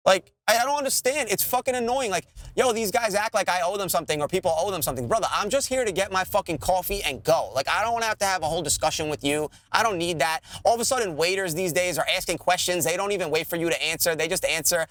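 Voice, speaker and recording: A man's voice: sits high, fast talker, few pauses. A man, co-hosting a podcast and ranting in casual, profane chat. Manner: animated, swearing ranter. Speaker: podcast co-host.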